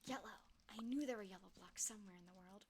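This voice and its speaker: A woman's voice: mid-range voice, quick pace, a little mellow, a little hiss or hum. A young woman casually commenting on her own game play on a livestream, chatty and giggly, talking to herself and her chat. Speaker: streamer playing a block-building game.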